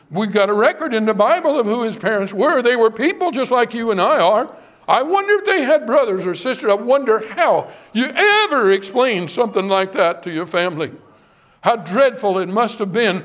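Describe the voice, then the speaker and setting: A man preaching an evening sermon, impassioned and pleading, addressing his listeners directly and swinging from hushed to raised. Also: sits high.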